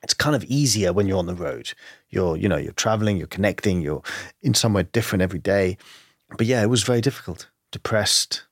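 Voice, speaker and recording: A man's voice: low voice, lively intonation, fast talker, no echo, studio quality. A man speaking as an interview guest, reflective and earnest, thinking aloud with many "you know" and "like" fillers. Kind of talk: candid conversational interview.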